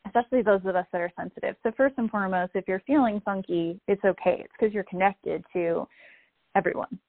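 Calm woman on a tinny call line. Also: mid-range voice, fairly quick, dry recording. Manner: calm, reflective, gently explanatory. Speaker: guest speaker. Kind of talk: spiritual wellness talk. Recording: tinny phone-line audio, dry.

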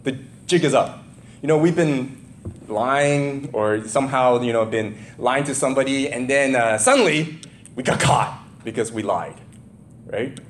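A man's voice: mid-range voice, measured pace, a little hiss or hum. A middle-aged man preaching a sermon, reading scripture aloud and then telling personal stories in a loose, conversational way with frequent chuckles. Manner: animated storytelling, chuckles often, loose conversational asides. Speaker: pastor.

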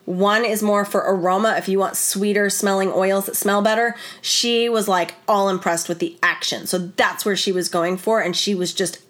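A woman telling a personal story to camera in a casual, animated, rambling way, full of "like" and retold conversations. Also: mid-range voice, normal speed, few pauses. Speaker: wellness vlogger and former wedding photographer.

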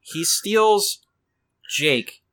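Bright, animated man chatting casually. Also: sits high, very slow. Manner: rambling, incredulous, lots of fillers. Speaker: podcast co-host. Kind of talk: casual chat.

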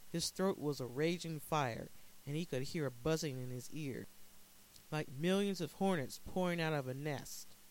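A man narrating a dark short story in a measured, dramatic way. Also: on the high side, poor audio.

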